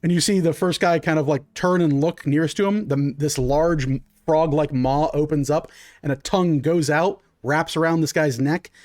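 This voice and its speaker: A man's voice: a little high, steady tone, normal speed, hardly any pauses, a little mellow, dry recording, clean studio sound. A man running a tabletop game as game master, narrating in a loose, chatty way with lots of fillers.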